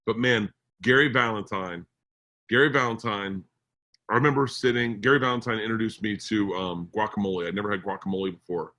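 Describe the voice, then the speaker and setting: A man co-hosting a podcast, telling comedy stories in a rambling, animated, profane way. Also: on the low side, a little fast. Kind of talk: casual storytelling chat.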